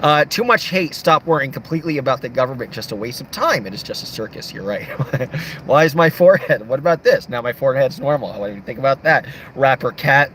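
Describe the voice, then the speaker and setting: A man's voice: mid-range voice, lively intonation, brisk, fairly bright tone, slight background noise. A young man livestreaming late at night, reading chat comments aloud and joking around. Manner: joking, playful, reads comments aloud in shifting voices.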